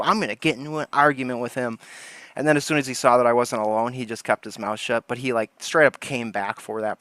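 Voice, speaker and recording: A man's voice: medium pitch, a bit bright, no room sound. A man hosting a casual livestream, telling rambling stories and laughing often. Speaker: livestream host.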